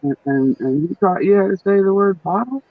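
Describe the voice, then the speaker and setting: A woman's voice: mid-range voice, animated, fairly quick, no echo. A middle-aged woman with a New York accent, chatting bluntly with family on a stream, swearing and laughing often. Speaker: livestream host. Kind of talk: casual chat. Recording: dull muffled sound.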